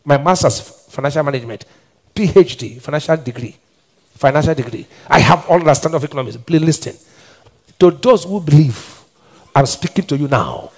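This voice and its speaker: Pastor guy preaching loud, keeps asking the crowd questions, long echo like a big church. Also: fairly high pitch, lively intonation, fairly quick, a little hiss or hum. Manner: call-and-response questions to the congregation; forceful, shouted declarations. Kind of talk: sermon. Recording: long reverb of a church hall.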